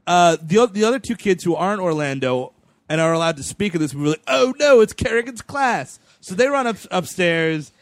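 A man's voice: a little high, animated, a little fast, no echo. A man casually recapping a movie plot, joking and retelling scenes with mock quotes and swearing. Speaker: podcast co-host. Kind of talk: casual chat reviewing a movie.

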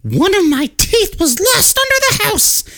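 A man voicing a taunting female witch spirit in a loud, shrill, cackling voice during podcast storytelling. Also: sing-song, a little slow, exaggerated voice. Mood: eerie.

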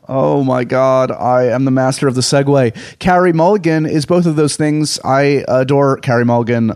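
A New York man with a somewhat low voice talks casually as a podcast host. He rambles and pokes fun at himself in a loose, chatty monologue. The sound is dry, with no room echo. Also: a little mellow. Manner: rambling, self-deprecating, chatty.

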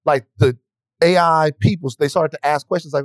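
A man's voice: a little high, fairly even intonation, normal speed, no echo. A man talking on a podcast in a rambling, profane way, often restarting sentences. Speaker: podcast guest. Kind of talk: casual chat.

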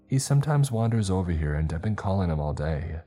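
A man voicing a nosy, sharp-tongued elderly woman neighbor who scolds and judges. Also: deep voice, sing-song, a little fast, faint music behind. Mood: scolding. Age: older.

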